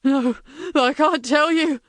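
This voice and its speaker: A frightened male prison guard pleads in short, breathless bursts, as a woman narrator voices him. His voice sits high and strained, recorded close and dry. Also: moderate pace, dry recording, natural voice. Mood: desperate.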